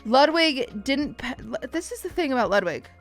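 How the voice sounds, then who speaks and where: A young woman streamer casually telling her viewers a story, swearing freely and quickly mimicking other people's lines. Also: sits high, big pitch swings, faint music behind.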